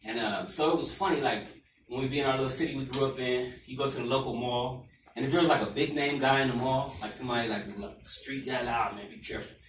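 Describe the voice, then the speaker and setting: Stand-up comic, mid-pitched man, rambling storyteller, club mic far and roomy. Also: fast, a bit bright. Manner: loose, rambling storytelling with asides. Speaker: stand-up comedian. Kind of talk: stand-up set. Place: comedy club stage. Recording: echoey club from far off, faint noise.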